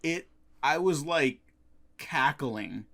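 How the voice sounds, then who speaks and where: A man co-hosting a casual film podcast, retelling scenes in a relaxed, gleeful way. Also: a little high, very slow. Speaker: podcast co-host.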